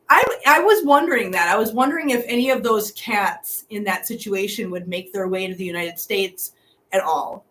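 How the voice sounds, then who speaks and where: In a mid-range, fairly bright voice at normal speed, a middle-aged woman runs an informal livestream from her hotel room. She chats loosely and repetitively while going through comments from viewers.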